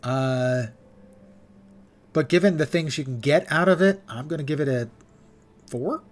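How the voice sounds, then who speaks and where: A man's voice: on the high side, unhurried. An older man giving wry, rambling live-stream commentary on a game, swearing casually and saying he is losing his voice.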